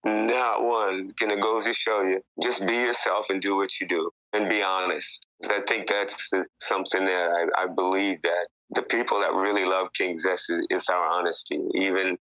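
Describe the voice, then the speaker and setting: Older man from Chicago, rock musician guest: very deep, sharp-edged, blunt and candid, dull dry lo-fi audio. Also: flat delivery, moderate pace, hardly any pauses, no echo. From Chicago, USA. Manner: frank, blunt and loose, with casual swearing. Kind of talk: candid interview talk.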